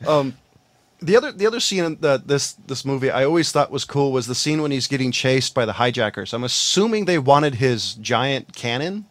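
A man's voice: mid-range voice, expressive, normal speed, fairly bright tone, no room sound. A man co-hosting a podcast, giving blunt opinions in casual movie chat. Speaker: podcast co-host.

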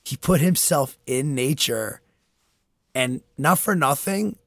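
A man's voice: medium pitch, lively intonation, slow pace, fairly bright tone, dry recording, studio quality. A young man in casual chat, telling a story animatedly with lots of fillers and laughter. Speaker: podcast co-host.

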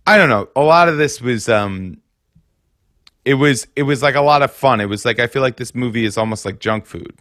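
Bright-voiced man rambling in casual chat. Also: a little fast, no echo, studio quality. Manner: rambling, heavy on fillers, jumps up in pitch for mock impressions. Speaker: podcast co-host. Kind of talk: casual chat about a film.

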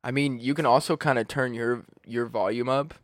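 A man's voice: medium pitch, steady tone, moderate pace, dry recording. Young man, podcast host, profane, laughing, dry close sound. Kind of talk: casual podcast chat.

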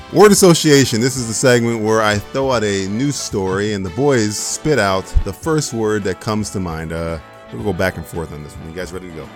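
A man hosting a comedic podcast, quick with jokes and quips. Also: on the low side, expressive, soft background music. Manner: jokey, quick quips and movie-quote impressions. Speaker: podcast host. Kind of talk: casual comedic chat.

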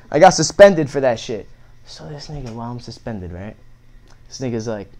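A man's voice: medium pitch, a little fast. A young man telling a story in casual chat, swearing a lot and acting out the lines of the people in it. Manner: profane, animated, acts out quotes.

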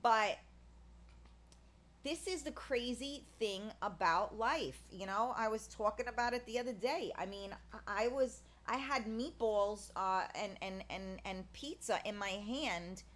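Unhurried and a bit bright, her mid-range voice carries a loose, meandering monologue. She's frank and blunt, swears offhandedly, and peppers her talk with fillers and restarts.

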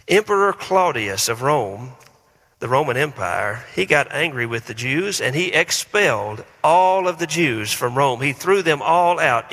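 A man's voice: medium pitch, pushed and bright. A man, a pastor preaching a conversational sermon with self-deprecating humor and rhetorical questions. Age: 40s. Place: church sanctuary. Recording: long reverb in a large hall.

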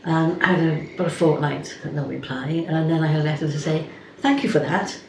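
Older woman, Cardiff accent, low voice, chatty storyteller, echoey room, noisy background. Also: fairly even intonation, a little fast, gravelly, a little mellow. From Wales. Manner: chatty storyteller, laughs through her tales. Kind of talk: casual group reminiscing.

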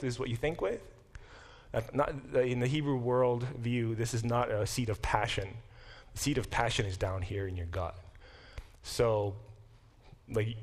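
A man teaching a Bible class as a professor, talking in an animated, self-deprecating way in a classroom, often restarting and adding asides. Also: medium pitch. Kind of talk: classroom lecture.

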